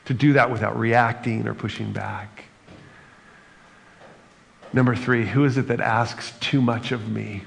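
A man's voice: mid-range voice, steady tone, unhurried, creaky, pauses often. A male pastor giving an earnest, reflective sermon, ending in prayer. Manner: earnest, reflective preaching with brief humor. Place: church sanctuary. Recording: church hall reverb, faint noise.

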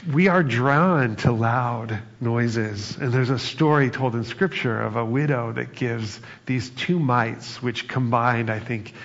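A man's voice: mid-range voice, creaky. A man delivering a sermon in a conversational way, acting out quoted lines with bursts of humor. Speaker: pastor. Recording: reverberant hall, dull sound.

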